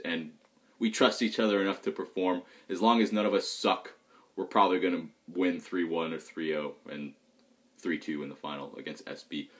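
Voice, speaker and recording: A young man, a pro gamer, talking in a loose, rambling and frank vlog chat. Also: low-pitched. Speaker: pro gamer vlogging about tournaments.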